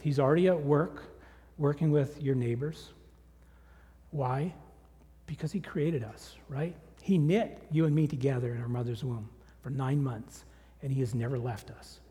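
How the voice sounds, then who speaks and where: A man preaching a sermon, telling a personal story in a conversational, animated way. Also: medium pitch. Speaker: guest preacher. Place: church sanctuary. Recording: long hall reverb.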